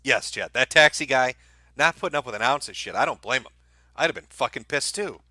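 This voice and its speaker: A man's voice: medium pitch, lively intonation, fairly quick, pushed and bright, no echo, clean studio sound. A man hosting a livestream, reacting to videos with crude, laughing, riled-up commentary. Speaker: livestream host.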